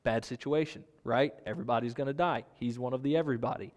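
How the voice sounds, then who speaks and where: A man's voice: medium pitch, fast talker, darkish tone, long reverb tail. A man preaching a sermon in a conversational way, asking his listeners rhetorical questions. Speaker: pastor.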